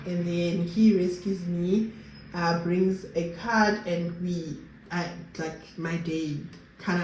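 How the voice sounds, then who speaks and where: Young south african woman yapping to the camera, switches into sesotho here and there, roomy sound, bit of hiss behind. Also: lowish voice. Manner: chatty, mixes Sesotho phrases into English. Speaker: vlogger. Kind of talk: casual storytelling to viewers. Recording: roomy with faint background noise.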